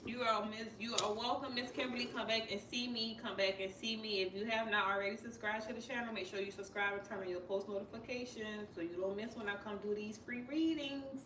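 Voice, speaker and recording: A woman runs a live tarot stream, talking to her viewers as "y'all" in an informal, chatty, direct style. Her fairly high voice stays steady, moving a little fast with few pauses. The room is echoey, the mic sits at a distance, and background noise is clearly audible.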